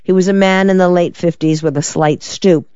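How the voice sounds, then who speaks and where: An audiobook narrator reading a crime story in an even, measured way. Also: medium pitch, clean tone, dry recording, highs cut off. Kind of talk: scripted narration.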